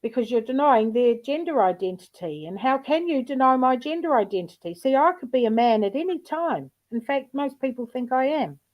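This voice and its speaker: A woman's voice: high-pitched, animated, a little fast, hardly any pauses, lo-fi sound. A woman hosting a livestream in casual chat, telling rambling, profane anecdotes with frequent laughter. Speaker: livestream host.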